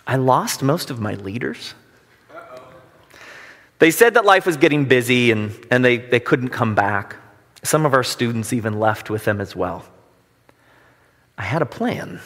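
A long hall reverb surrounds this pastor's fairly high, fairly bright voice. His sermon alternates scripture with easygoing, self-mocking stories told conversationally.

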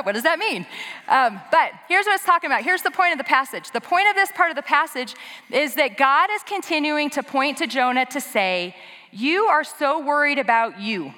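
A woman giving a conversational sermon in a church, animated and quick with asides to the congregation. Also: a little high. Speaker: preacher. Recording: long hall reverb.

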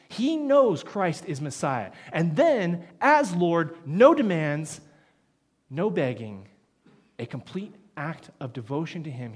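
A man preaching an expository sermon, dramatic, swinging from loud emphatic bursts to hushed low phrases.

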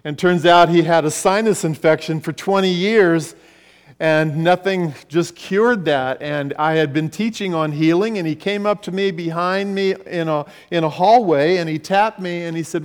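A man preaching a sermon, telling stories and swinging between loud passages and hushed ones. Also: on the high side, moderate pace, clean tone. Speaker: pastor. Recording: long reverb of a large hall.

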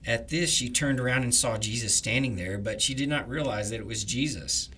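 A man leading morning prayers, reading the liturgy in a measured, reverent way. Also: mid-range voice, sharp tone, husky. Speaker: prayer leader.

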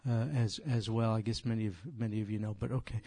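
A man's voice: fairly low pitch, flat delivery, fast talker, mellow, no echo. An older man leading an informal Bible study, emphatic and conversational, speaking directly to his listeners. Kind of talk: informal Bible teaching to a group.

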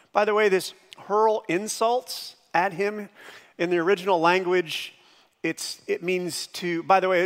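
Animated pastor preaching in a hall. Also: male voice, sits high. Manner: lively, shifts between hushed and shouted impressions. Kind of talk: sermon.

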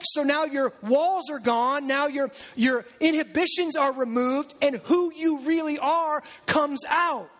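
A man preaching a sermon in a lively, conversational way, breaking into asides and acted-out quotes. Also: very high-pitched.

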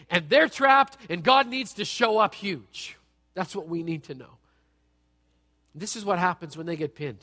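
A man giving a sermon as a pastor, with an animated, conversational delivery that jokes and asks the audience questions. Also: sits high. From United States. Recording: long reverb from a large hall.

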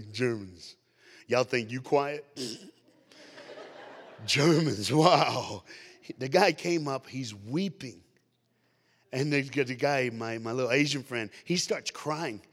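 An American man giving an energetic youth sermon as a guest preacher, animated and laughing often, swinging from hushed lines to loud ones. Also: medium pitch. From United States. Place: large church hall. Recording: long hall reverb.

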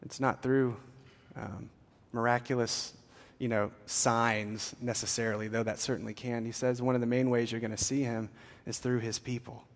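Pastor guy preaching, earnest and chatty, mid pitch, long echo in the church hall. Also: little pitch movement, normal speed, hardly any pauses. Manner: earnest, conversational, with fillers. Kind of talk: sermon.

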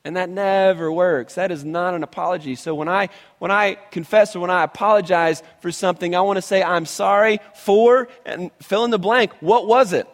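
A male pastor preaching a sermon in an animated, conversational way, often restarting his phrases. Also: sits high, brisk, hardly any pauses, in a large hall.

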